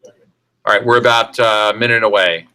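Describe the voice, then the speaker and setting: A man running a video shoot, giving brisk, directive setup instructions to the people on camera. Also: fairly low pitch, fairly even intonation, bright, forceful tone, slight background noise.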